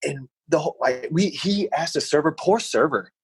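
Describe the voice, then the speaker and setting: A man's voice: fairly high pitch, moderate pace, husky, no room sound, rough recording. A man co-hosting a podcast, telling stories in a casual chat, rambling and repeating words as he goes. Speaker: podcast co-host.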